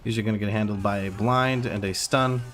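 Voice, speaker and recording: With a fairly low, steady voice that's a touch bright, this streamer talks a little fast, calling his gameplay and adding wry comments for chat. Slight background noise is present.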